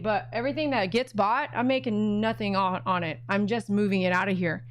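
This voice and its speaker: A woman's voice: mid-range voice, fairly even intonation, brisk, hardly any pauses. A middle-aged woman at home running a casual live auction stream, chatting with viewers and talking to her dogs.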